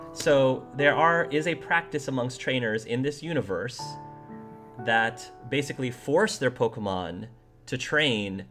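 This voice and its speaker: A man running a tabletop game as game master, explaining the setting in an animated way with laughing asides. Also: medium pitch.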